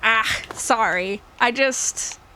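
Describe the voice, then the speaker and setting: A woman's voice: on the high side, extremely slow, sharp tone, slight background noise. A young woman gaming YouTuber chatting to her viewers, emotional and rambling, laughing often and filling with "like". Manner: rambling with many fillers. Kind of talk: casual chat to viewers.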